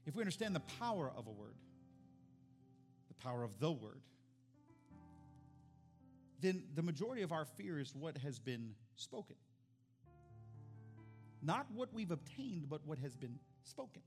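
Brief: male pastor in his thirties, high and expressive sermon delivery, soft music underneath. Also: a little slow, pauses often. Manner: animated, rising to near-shouts.

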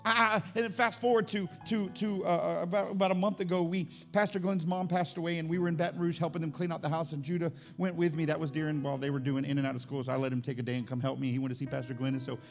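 Gravelly man preaching in church. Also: level tone, very fast, hardly any pauses, soft background music. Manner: conversational testimony, repeats words when building up; climbs higher and louder when stirred. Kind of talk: sermon. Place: church service.

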